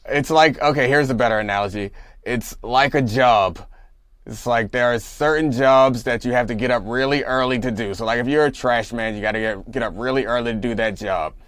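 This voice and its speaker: A man co-hosting a sports podcast in casual chat, laid-back and halting, often restarting his sentences. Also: medium pitch, fairly bright tone, no echo, clean studio sound. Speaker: podcast co-host.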